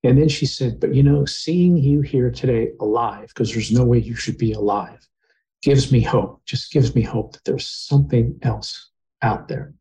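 Male guest, mid-pitch, mellow tone; earnest, heartfelt storyteller. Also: a little slow, creaky, rough recording. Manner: earnest, emotional retelling. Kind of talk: personal storytelling in conversation.

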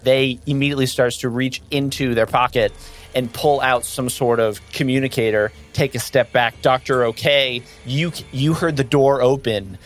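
A man runs a tabletop role-playing game, narrating the action with an animated delivery. He laughs often and jumps into high, silly voices. Soft music plays faintly behind him. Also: normal speed. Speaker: game master.

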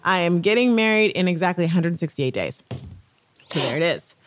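Animated chatty woman, low-pitched. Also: brisk. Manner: chatty, animated storytelling with quoted voices. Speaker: podcast co-host. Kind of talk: casual chat.

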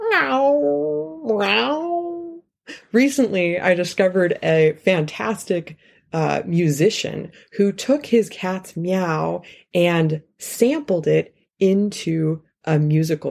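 Woman with a gravelly, fry-laden voice. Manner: lively and playful, swooping pitch for emphasis. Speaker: featured speaker. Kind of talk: pre-recorded inspirational talk.

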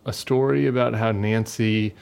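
A man's voice: lowish voice, steady tone, moderate pace, vocal fry, darkish tone, smooth. Sardonic man hosting a podcast. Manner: sardonic, mocking, conversational. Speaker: podcast host. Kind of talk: casual political podcast chat.

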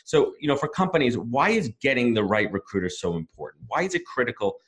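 A man hosting a podcast, chatting enthusiastically with quick interjections. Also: medium pitch, very animated, fairly bright tone. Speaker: podcast host, recruiter. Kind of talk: casual interview.

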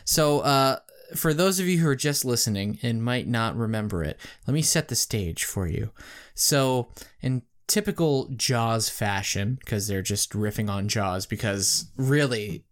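Male podcaster, medium pitch, eager storyteller with lively bursts, casual chat. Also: unhurried. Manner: enthusiastic storyteller, animated bursts. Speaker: podcast co-host. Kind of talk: casual chat, retelling a commercial.

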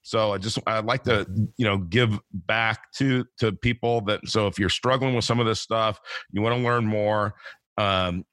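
A man's voice: lowish voice, fairly even intonation, moderate pace, a bit bright, no room sound. A man in his fifties hosting a podcast interview, talking in a rambling, easygoing way with lots of fillers and repeated words. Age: 50s. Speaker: podcast host. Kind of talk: casual interview chat.

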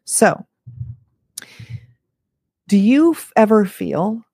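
A woman's voice: mid-range voice, big pitch swings, extremely slow, vocal fry, warm tone, breathy edge, no room sound. Woman, fifties, parenting coach talking straight to listeners; chatty and frank with wry asides, dry close sound. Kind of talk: casual talk to camera.

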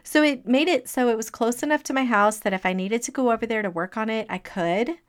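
A middle-aged woman telling a personal story as a motivational talk, lively and laughing as she acts out what people said. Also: a little high, a little fast. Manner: animated, acting out quoted speech, laughing between lines.

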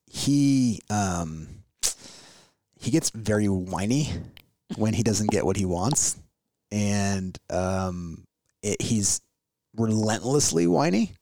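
A man's voice: fairly low pitch, darkish tone, dry recording. Middle-aged guy chatting loose on a podcast, rambles, lots of ums, dead dry room. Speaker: podcast host. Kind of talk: casual conversational chat.

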